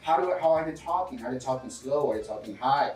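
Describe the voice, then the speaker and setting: A man's voice: medium pitch, lively intonation, fast talker, a little mellow, roomy sound, distant mic, faint music behind, low-quality recording. A man with a foreign accent, English not his first language, talking energetically in a casual interview and coaching listeners, often calling people dude and bro. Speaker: real estate investor guest.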